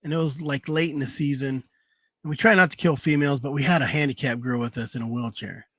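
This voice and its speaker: A man's voice: medium pitch, fast, a bit bright, no echo. A man telling rambling hunting stories in a casual chat, laughing through his anecdotes over a video call. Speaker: hound hunter telling stories.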